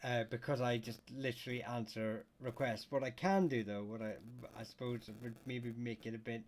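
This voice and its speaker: A man hosts a casual livestream and works through questions from his chat. He talks at an average pitch and fills the gaps with hesitations and false starts. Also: normal speed. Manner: hesitant, many fillers and restarts; reads chat questions aloud. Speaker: livestream host answering viewer questions.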